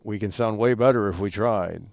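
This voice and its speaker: A man's voice: lowish voice, moderate pace, creaky, darkish tone, faint music behind. A man live-streaming about a video game, ranting and swearing as he reads out comments, often stammering and repeating words.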